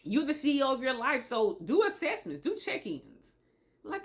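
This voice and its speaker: A woman's voice: sits high, huge pitch swings, moderate pace. Emphatic woman giving advice. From Tennessee. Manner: emphatic and repetitive, asks okay often. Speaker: relationship advice speaker. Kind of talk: motivational monologue to camera.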